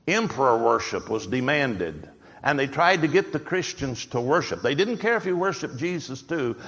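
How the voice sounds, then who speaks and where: A man's voice: medium pitch, fairly bright tone. Preaching man in a reverberant hall. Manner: emphatic preaching with rhetorical questions. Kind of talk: sermon.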